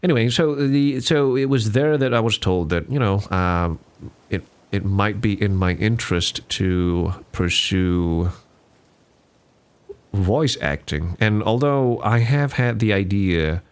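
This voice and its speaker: A man's voice: on the low side, takes it slowly, clear, resonant tone. A young man hosting a casual solo podcast, rambling and self-deprecating with many restarts. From Singapore. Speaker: podcast host.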